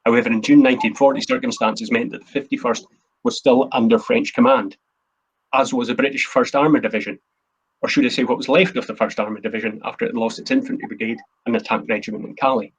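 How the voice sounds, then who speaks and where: A man's voice: medium pitch, fairly even intonation, fast talker, slightly rough, poor audio. A man, the host and a historian, giving an earnest, emphatic history talk from his notes. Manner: earnest, emphatic, quotes speeches in a plain voice.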